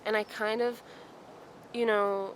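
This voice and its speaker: A young woman vlogging outdoors in a forest, talking in a soft, reflective, rambling way with many ums and self-corrections. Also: mid-range voice, flat delivery, slow pace, slight background noise, rough recording. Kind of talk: casual vlog chat.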